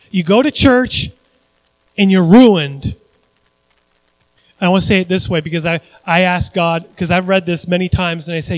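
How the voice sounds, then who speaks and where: A male pastor preaching a sermon, animated, swinging between loud emphasis and quiet asides and acting out the voices he quotes. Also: high voice, normal speed, no echo, rough recording.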